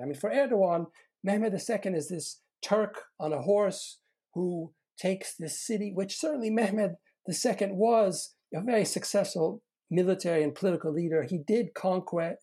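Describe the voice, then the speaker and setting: Mellow husky-voiced historian lecturing. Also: medium pitch. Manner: measured, lecturing with frequent restarts. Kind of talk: academic discussion answer.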